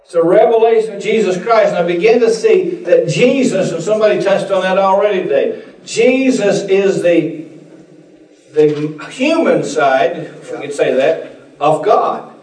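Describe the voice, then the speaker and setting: A man's voice: sits high, animated, moderate pace, darkish tone. A man preaching a sermon and telling folksy stories, acting out the voices of the people in them. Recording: echoey room, voice picked up from a distance.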